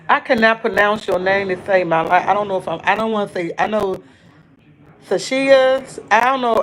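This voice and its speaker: A chatty woman hosts a casual live stream at a middling pitch. She greets viewers one by one and reads their comments aloud. Her stories ramble, full of restarts and asides. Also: normal speed. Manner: rambling storytelling with many restarts.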